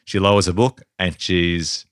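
A man's voice: sits low, fairly even intonation, unhurried, a bit bright, smooth, no room sound, clean studio sound. A man co-hosting a podcast, chatting casually and animatedly about a film, laughing often as he thinks aloud. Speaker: podcast co-host.

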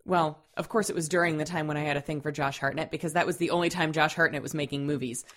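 A woman's voice: low voice, steady tone, quick pace. A woman co-hosting a podcast in casual chat, with a dry, teasing manner. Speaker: podcast co-host.

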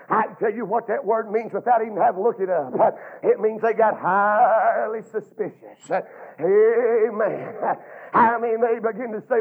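High, gravelly preacher on a tinny recording. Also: male voice. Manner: fervent preaching cadence with many drawn-out "uh"s, rising to shouts. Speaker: Baptist preacher. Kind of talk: sermon. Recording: tinny, phone-like lo-fi sound.

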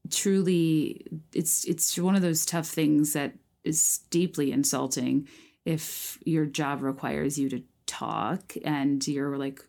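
A woman in her thirties chatting casually as a podcast host, rambling with lots of fillers, restarts and "like", with a touch of vocal fry. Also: deep voice, dark tone. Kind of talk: casual chat, reacting to listener prompts.

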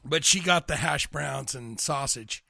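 Man, podcast co-host, teasing, wry, very bright sharp tone. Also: medium pitch, measured pace, gravelly, dry recording, studio quality. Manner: teasing, wry short replies. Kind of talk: casual chat.

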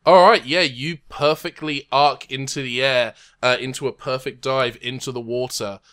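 A man's voice: mid-range voice, steady tone, a bit bright, clean tone. A man narrating and ruling as game master of a tabletop game, rambling and hesitant, recorded remotely from home. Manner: rambling, hesitant, quick to laugh. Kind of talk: running a tabletop game over a call.

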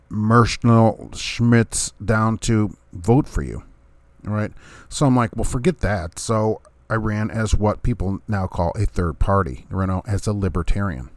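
Airing his views in a casual monologue, a middle-aged vlogger who once ran as a third-party candidate asks rhetorical questions, chuckles, and imitates what others say. His voice sits fairly low with a darkish tone, and the recording is dry.

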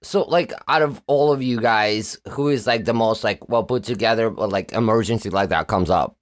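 A man's voice: fairly low pitch, moderate pace. A man hosting a podcast, asking questions in a curious, giggly way with lots of fillers. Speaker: podcast host. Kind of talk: casual interview.

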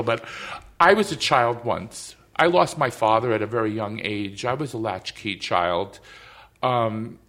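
This podcast host speaks in a fairly low, bright voice with a forceful tone, taking his time. In the casual interview he gets effusive and emotional, circling back to say the same things again.

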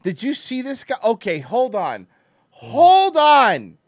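Male comedy host, rowdy and crude, animated voice, dry booth sound. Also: high-pitched, moderate pace, no room sound. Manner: loud, goofy, bursts into shouting. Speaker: podcast host.

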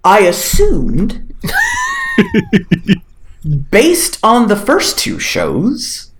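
Animated, sarcastic woman in a roomy echo. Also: mid-range voice, drawn-out words. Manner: animated, sarcastic, profane storytelling. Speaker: podcast host. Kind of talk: casual chat.

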